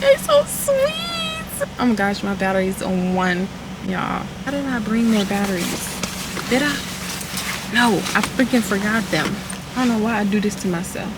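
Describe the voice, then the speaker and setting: A woman vlogging casually to her phone from her car, chatty and quick to laugh. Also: medium pitch. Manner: chatty, laughs often, loose and playful. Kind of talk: casual vlog chat to camera. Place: in a car at drive-thrus. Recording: noisy car with traffic around.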